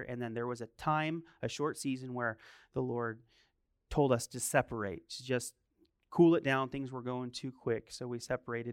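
A young man preaching a sermon, telling a personal story quietly and then building to loud, high-pitched preaching. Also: smooth, no echo, clean studio sound. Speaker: pastor.

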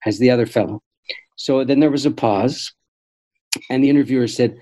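Older guy being interviewed, mellow warm tone, thoughtful slow storytelling, lots of restarts. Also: medium pitch, steady tone, rough recording. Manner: thoughtful, measured, frequent restarts. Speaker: interview guest. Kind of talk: reflective storytelling conversation.

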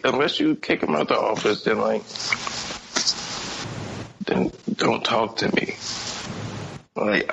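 A man's voice: medium pitch, vocal fry, highs cut off, noisy background. A man co-hosting a casual podcast, ranting heatedly in slang and laughing often. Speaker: podcast co-host.

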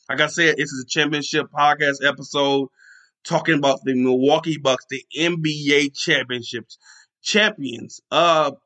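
A man talks through his own sports podcast in a loose, unscripted way, worked up and rambling and restarting his sentences mid-thought. His voice sits a little higher than most men's and has a bright, forceful edge. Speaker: podcast host. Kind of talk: casual sports podcast talk.

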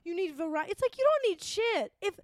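A woman co-hosting a podcast in casual chat, animated and emphatic, laughing often. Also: very high voice, fairly quick, no echo. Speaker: podcast co-host.

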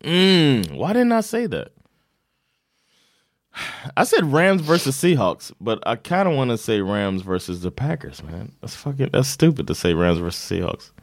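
A man co-hosting a casual sports chat, animated and profane, quick to joke and swear. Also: mid-range voice, gravelly, no room sound, studio quality. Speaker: podcast co-host.

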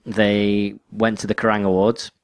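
A man's voice: lowish voice, flat delivery, unhurried, dry recording. A man co-hosting a podcast in casual chat, rambling and restarting his sentences. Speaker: podcast co-host.

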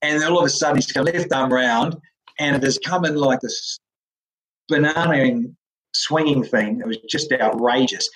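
A former cricketer from New Zealand with a New Zealand accent, telling animated stories as an interview guest, laughing often and acting out the voices of others. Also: male voice, mid-range voice, moderate pace, poor audio. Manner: lively, laughs often, acts out quoted voices. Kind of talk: animated storytelling.

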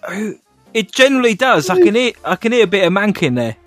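A man co-hosting a podcast, joking and reacting quickly. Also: high voice, very animated, a bit bright, dry recording, faint music behind. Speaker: podcast co-host. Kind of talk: casual banter.

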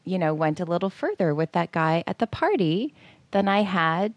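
Speaking at a moderate pace with a voice on the low side, this forties-aged podcast co-host casually recounts something that happened to her. She's animated, performs the quotes, and fills her speech with fillers; the recording has no echo.

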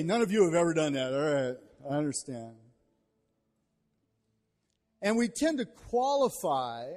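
A man preaching a sermon with lots of energy, pushing up into shouted call-and-response with his congregation. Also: high-pitched. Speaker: pastor. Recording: long hall reverb.

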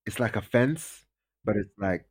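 A young man tells a story in a relaxed podcast chat. His voice sits a touch low, and he jumps up in pitch whenever he acts out his mates. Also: a little slow, slightly rough. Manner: animated, acts out friends' lines in raised voices. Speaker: podcast host.

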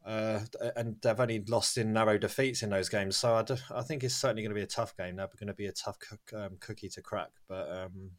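Male podcast host, lowish voice, loose chat full of ums and laughs. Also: steady tone, fairly quick, few pauses. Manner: chatty, laughs often, many fillers. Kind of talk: casual football podcast chat.

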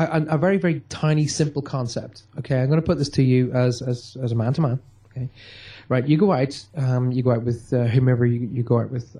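A man's voice: medium pitch, warm tone, breathy edge. A man giving an emphatic motivational talk, acting out quotes in a radio-style chat. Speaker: guest speaker.

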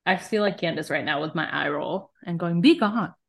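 A young woman co-hosting a podcast in casual chat, playful and teasing, quick to laugh. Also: low-pitched, gravelly. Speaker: podcast co-host.

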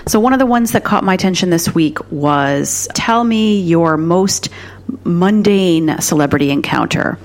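Wry low-voiced woman, casual chat. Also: a little slow. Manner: wry, profane, rambling with fillers. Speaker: podcast co-host.

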